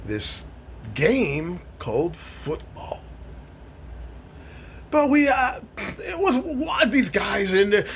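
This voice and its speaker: A middle-aged man from New York giving an emotional personal monologue to camera, speaking in a heartfelt, halting way with many pauses and repeated words. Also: on the high side, slight background noise. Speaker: vlogger.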